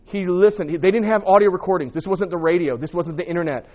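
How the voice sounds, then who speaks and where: Speaking fast in a high voice, a Bible teacher runs his class conversationally, firing questions at students and tagging on "right?" to check they follow. The recording has a dull, lo-fi quality.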